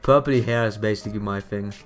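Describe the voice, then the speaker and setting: A man's voice: on the low side, steady tone, fast talker, soft background music. A man streaming a game, chatting casually in a rambling way, repeating words and laughing often. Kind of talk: casual live-stream chat.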